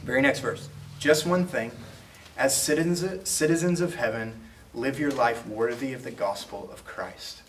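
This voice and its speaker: A man's voice: mid-range voice, normal speed, fairly bright tone, a little hiss or hum. A man preaching a sermon as a pastor, talking in a conversational way and acting out quoted exchanges. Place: church auditorium. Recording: roomy, from a distance.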